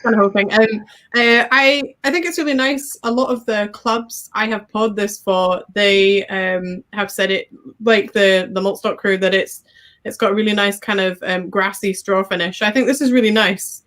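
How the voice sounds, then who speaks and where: A woman's voice: mid-range voice, fairly even intonation, normal speed, a bit bright. A woman pouring whisky at clubs, teasing her colleagues in a hesitant way full of fillers, talking over a video call. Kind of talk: casual livestream chat.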